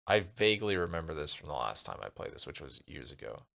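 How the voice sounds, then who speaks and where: Man reading a gamebook aloud, lively. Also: very deep voice, fast talker, gravelly. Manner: reads aloud, muttering asides to himself. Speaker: streamer. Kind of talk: casual narration while playing a gamebook.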